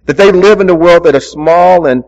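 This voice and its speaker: A man's voice: sits high, normal speed, darkish tone, in a large hall, rough recording. A man preaching a sermon, praying and telling a story with casual, earnest asides. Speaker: pastor.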